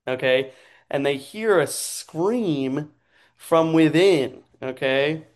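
A man's voice: a little high, lively intonation, slow pace. A man casually telling an improvised story, chatty and laughing often, checking in with his listener.

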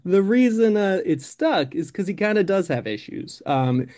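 A man's voice: high-pitched, sing-song, normal speed, mellow, a little hiss or hum. A man improvising a comic story in a rambling, filler-heavy way.

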